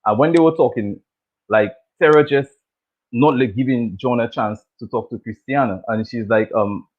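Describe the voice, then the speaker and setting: A man hosting a casual chat that recaps a TV show, talking loosely, repeating himself and laughing often. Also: mid-range voice. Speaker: show host. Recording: tinny phone-like audio.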